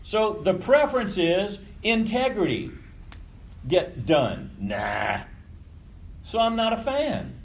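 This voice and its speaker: A man's voice: high-pitched, big pitch swings, slow, low-quality recording. A man leading a group session in a casual teaching talk, conversational, swearing freely and often checking in with his listeners. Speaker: workshop leader.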